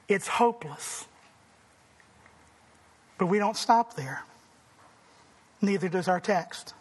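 A man preaching a sermon, emphatic and rising to forceful declarations. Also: very high-pitched, in a large hall. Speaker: pastor.

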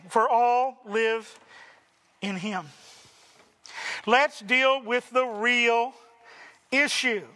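A man's voice: very high-pitched, sharp tone. A man preaching a sermon as pastor, emphatic, with rhetorical questions and building lists.

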